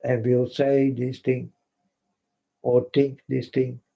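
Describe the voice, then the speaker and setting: A man's voice: mid-range voice, completely flat delivery, slow pace, vocal fry, dark tone. A man whose first language is Dutch, speaking in an earnest, repetitive monologue and often addressing listeners as folks. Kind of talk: impassioned spoken monologue. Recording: dull lo-fi recording.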